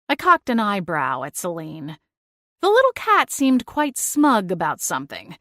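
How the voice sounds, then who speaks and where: A woman's voice: lowish voice, big pitch swings, measured pace, a bit bright, no room sound, clean studio sound. A woman narrating a cozy first-person audiobook, reading expressively and acting out exasperated dialogue.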